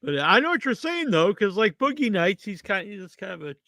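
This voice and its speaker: A man's voice: high voice, very animated, moderate pace, bright, forceful tone, dry recording, clean studio sound. A man hosting a podcast interview, asking loose questions with lots of fillers. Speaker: podcast host. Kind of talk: casual interview chat.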